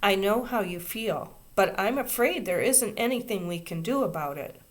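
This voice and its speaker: A woman's voice: medium pitch, animated, normal speed, close to an everyday voice. A woman voicing a kindergarten teacher who sounds sympathetic but firm. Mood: gentle.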